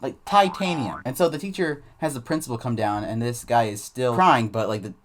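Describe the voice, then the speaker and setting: A man's voice: mid-range voice, expressive, brisk. A man hosting his channel, rambling through a casual storytime with many fillers and restarts. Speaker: channel host.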